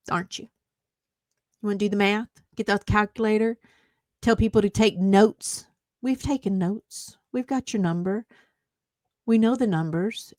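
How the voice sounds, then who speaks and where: A woman's voice: medium pitch, dry recording, clean studio sound. A woman YouTuber ranting back at online commenters, sarcastic and indignant, mocking them at length.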